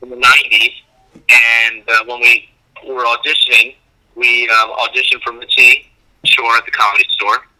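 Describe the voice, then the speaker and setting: Very bright-voiced man telling stories. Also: mid-range voice, moderate pace, poor audio. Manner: animated, acts out dialogue in a raised voice. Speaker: comedian guest. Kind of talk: casual interview storytelling.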